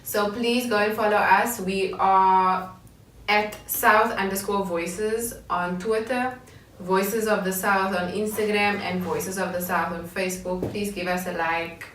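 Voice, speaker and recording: A woman's voice: mid-range voice, fairly even intonation, unhurried, a bit bright. A woman hosting a casual chat, talkative and laughing easily. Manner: laughing, chatty, self-conscious. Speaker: host. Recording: roomy distant mic with faint noise.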